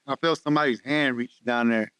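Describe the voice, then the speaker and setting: A man telling a personal testimony in conversation, halting and earnest, often repeating words. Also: mid-range voice, steady tone, a bit bright, smooth, dry recording. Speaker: guest sharing testimony. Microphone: podcast studio mic.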